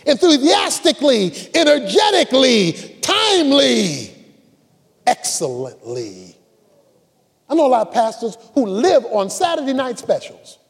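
Male pastor, emphatic repetitive sermon delivery, very lively pitch. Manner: emphatic preaching with repetition and call-and-response. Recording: long reverb of a large hall.

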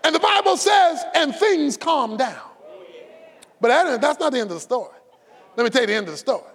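Male preacher, very high and animated voice, folksy and shouting, in a sanctuary with long reverb. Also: brisk, a faint crowd. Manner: fiery, shouting and drawing out words for emphasis; preaching with a folksy, conversational edge. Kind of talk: sermon.

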